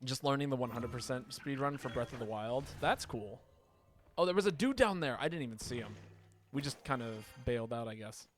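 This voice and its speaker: A man chatting casually while livestreaming a video game. He rambles, swears, and reacts loudly when something surprises him. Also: medium pitch, a little fast, slight background noise. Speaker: streamer playing a video game.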